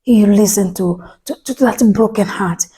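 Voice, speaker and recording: Woman pastor preaching, mellow husky voice, keeps repeating herself for emphasis. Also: mid-range voice, normal speed. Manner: emphatic, repeating phrases and restarting words. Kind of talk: sermon.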